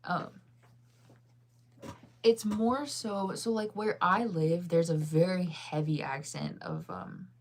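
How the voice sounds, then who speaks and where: A woman's voice: lowish voice, expressive, takes it slowly, a little mellow, a little hiss or hum. Rambling woman, faint Midwestern accent. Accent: faint Midwestern American. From United States. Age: 30s. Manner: rambling, filler-heavy, laughs often. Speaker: streamer answering viewer chat. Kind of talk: casual chat.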